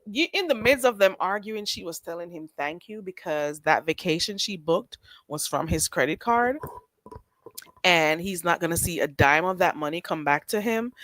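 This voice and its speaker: A woman's voice: fairly low pitch, fairly bright tone, dry recording, low-quality recording. A woman, nasal and congested, casually telling a gossip story to her livestream chat with many restarts and asides. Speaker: livestream host.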